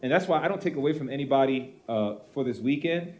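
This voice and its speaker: A man, a pastor, telling a personal ministry story at a panel Q and A, animated and acting out the voices of the people he quotes. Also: medium pitch, fast talker.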